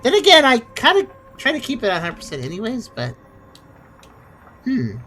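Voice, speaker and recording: A woman's voice: on the high side, huge pitch swings, moderate pace, fairly bright tone, faint music behind. A woman streamer giving chatty, playful commentary while she plays a game. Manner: chatty, reactive, playful asides. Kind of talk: casual gameplay commentary.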